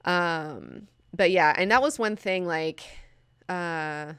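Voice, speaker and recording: Excitable, profane woman vlogger. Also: lowish voice, slow, clear, resonant tone, no echo, clean studio sound. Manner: excitable, profane, lots of fillers and laughs. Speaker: movie news vlogger. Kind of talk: casual movie chat.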